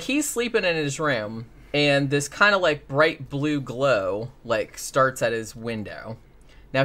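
A man in casual conversation, talking in loose, rambling runs full of fillers. His tone is dry and sarcastic, and he swears freely. His voice sits at an ordinary middle pitch. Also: bright, forceful tone. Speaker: podcast host. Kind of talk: casual chat.

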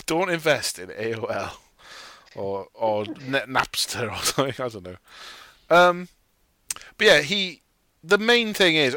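A man's voice: fairly high pitch, sing-song, unhurried, long pauses, pushed and bright, no room sound. A man co-hosting a podcast, chatting casually about a film in a jokey, rambling way and acting out quotes. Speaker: podcast co-host.

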